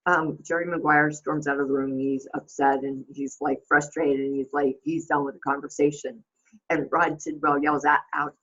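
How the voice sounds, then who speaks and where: A woman's voice: deep voice, flat delivery, normal speed, fairly bright tone, husky, highs cut off. A woman hosting a casual reflective monologue, rambling with many fillers and restarts. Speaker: host.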